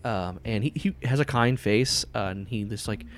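A man's voice: fairly low pitch, normal speed, slight background noise. A man narrating a tabletop horror game as game master, describing scenes in a rambling, filler-heavy way.

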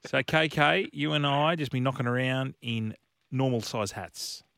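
A man's voice: medium pitch, a little slow, creaky, fairly bright tone, dry recording. Australian male radio co-host, teasing quiz master, dry close mic. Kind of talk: casual sports radio banter.

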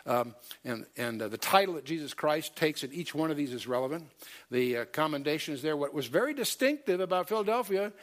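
Guy teaching bible study, kinda high voice, emphatic, lots of uh and restarts. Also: lively intonation, a little fast, fairly bright tone. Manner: emphatic, quotes scripture in King James wording; many fillers and self-corrections.

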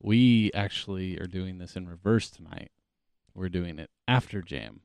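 A man's voice: low-pitched, measured pace, gravelly, a little mellow, clear, resonant tone, no echo. A man co-hosting a podcast, crude and wisecracking in casual banter. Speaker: podcast co-host.

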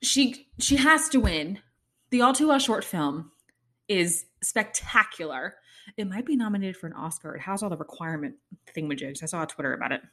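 A young woman chatting casually to her viewers, gushing and excitable, with lots of "like"s and sudden squeals of excitement. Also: on the low side, brisk. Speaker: vlogger. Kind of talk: casual chat to camera.

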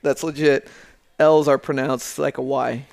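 A man's voice: medium pitch, flat delivery, unhurried, gravelly, darkish tone. A man chatting casually as a podcast guest, joking and laughing often. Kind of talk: casual chat.

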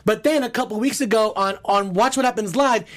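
A man hosting a casual gossip chat about reality TV, catty and animated, slipping into quick mimicked quotes. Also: high voice. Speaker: host.

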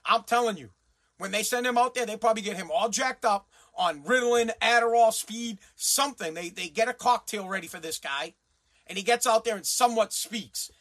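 Male show host, high bright voice, sarcastic, profane ranting commentary. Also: brisk. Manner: blunt, sarcastic, swears freely.

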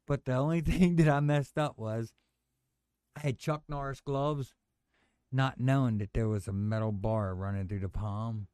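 A man telling stories as a podcast guest, acting out quotes with sudden loud high yelps. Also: fairly even intonation, moderate pace, clean tone, no echo, studio quality. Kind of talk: casual storytelling.

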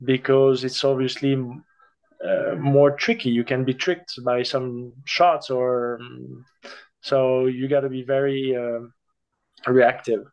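Slow-speaking man with a smooth, dull sound. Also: mid-range voice, steady tone, darkish tone. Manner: deliberate, searching for words. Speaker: interview guest, padel player. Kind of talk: conversational answers.

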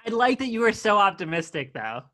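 Bright-voiced sarcastic man. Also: high voice, sing-song, a little fast. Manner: blunt, sarcastic, critical. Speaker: podcast co-host reviewing a TV episode. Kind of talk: casual chat.

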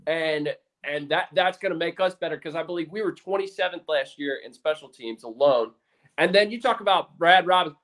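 A man with a notably high voice talks football in a relaxed podcast chat. He tells his stories with an excitable fan's energy. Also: fairly quick. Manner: animated, excitable fan storytelling. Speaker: podcast co-host. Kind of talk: casual sports chat.

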